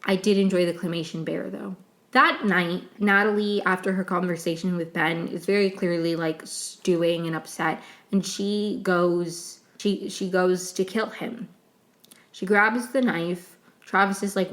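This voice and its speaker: A young woman talks through a TV episode on her podcast in a loose, rambling way, circling back and restarting her sentences. Her voice sits a little low for a woman, and she gets openly emotional as she goes. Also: steady tone, measured pace. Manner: emotional, rambling, tearful at times, many "like"s and restarts. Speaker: podcast host. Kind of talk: casual solo recap.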